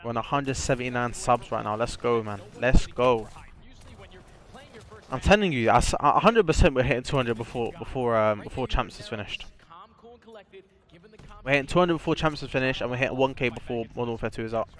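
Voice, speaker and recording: A young man hosts a live stream, talking loosely and excitably to his viewers. His voice sits in an ordinary middle pitch, and he drifts into slang and cheerful boasts. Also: fairly quick. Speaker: streamer hosting a watch party. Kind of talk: casual live-stream chat.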